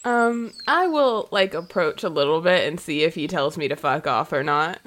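A player in a tabletop game, laid-back and deadpan. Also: medium pitch, moderate pace. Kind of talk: casual tabletop play.

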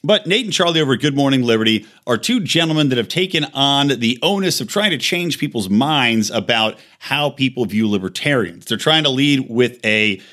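A man's voice: mid-range voice, lively intonation, moderate pace, few pauses, fairly bright tone. Heated, profane male podcast host. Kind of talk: ranting monologue.

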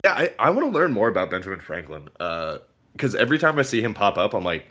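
A man's voice: lowish voice, very animated, fast talker, fairly bright tone. A young man chatting casually as a podcast co-host, joking crudely and ranting with swearing. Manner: crude, joking, ranting, puts on silly voices in quotes. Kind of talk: casual chat.

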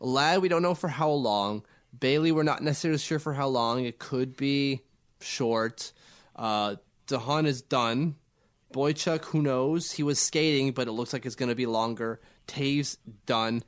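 A man's voice: medium pitch, unhurried. A man co-hosting a casual sports podcast, getting over a cold and talking in rambling, stammering restarts. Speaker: podcast co-host.

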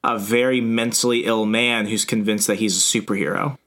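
A man's voice: on the low side, steady tone, a little fast, fairly bright tone. A man co-hosting a casual comic book chat, offering confident opinions.

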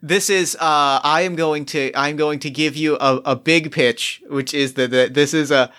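A man's voice: fairly high pitch, fairly even intonation, moderate pace, fairly bright tone, smooth. A man playing in a tabletop game, eager and restarting his sentences often. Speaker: player.

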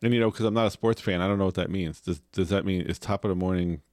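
A man's voice: low-pitched, fairly even intonation, fast talker, darkish tone, no echo, studio quality. A middle-aged father co-hosting a casual podcast with his daughter, wry and self-deprecating. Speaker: podcast co-host. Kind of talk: casual chat.

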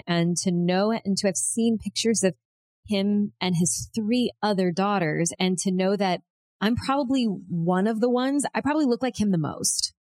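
A woman speaks in a lower register, close and dry with no room sound. She talks personally and haltingly, restarting sentences as she looks for the right words. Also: a little mellow, no room sound. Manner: hesitant, searching for words with many restarts. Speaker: guest discussing her estranged father. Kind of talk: emotional personal conversation.

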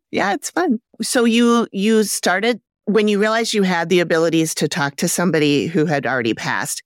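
A woman's voice: fairly low pitch, lively intonation, moderate pace, no room sound, clean studio sound. A woman hosting an interview in casual chat, laughing often and asking follow-up questions. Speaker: podcast host.

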